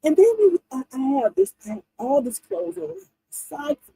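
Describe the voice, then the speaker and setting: A woman in her fifties hosting a livestream, telling funny stories in an animated, laughing way to her viewers. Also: high voice, normal speed, creaky, low-quality recording. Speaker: livestream host. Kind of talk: casual chat to viewers.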